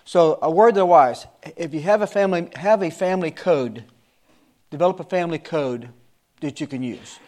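A man's voice: on the high side, normal speed, a little mellow. A man in his sixties, a Sunday school teacher giving his class an earnest, repetitive warning in casual talk. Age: 60s.

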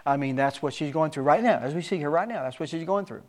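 A middle-aged man preaching a sermon with emphatic rises and sudden soft asides. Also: fairly high pitch, fast talker.

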